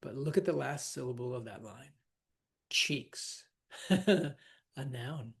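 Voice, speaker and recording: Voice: medium pitch, slow pace, gravelly, slightly rough. A teacher giving a loose, chatty lecture on verse, with asides and fillers, sometimes counting out stresses in sing-song syllables.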